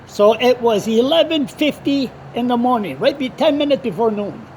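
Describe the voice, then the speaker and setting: Male blogger, outdoor vlog storyteller, rambling and swear-prone, lively pitch. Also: normal speed, slight background noise. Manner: rambling, animated, swears freely.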